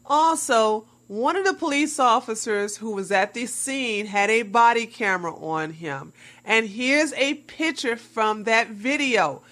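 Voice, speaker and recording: A woman's voice: on the high side, expressive, a little slow, a bit bright. A woman delivering sarcastic commentary to her viewers, mocking the claims she reviews and calling her audience y'all. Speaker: commentary vlogger. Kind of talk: scripted commentary.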